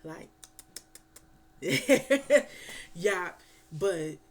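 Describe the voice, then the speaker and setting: A woman chatting casually as a reviewer, animated and slangy, swearing and telling stories. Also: on the low side, extremely slow. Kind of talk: casual film review chat.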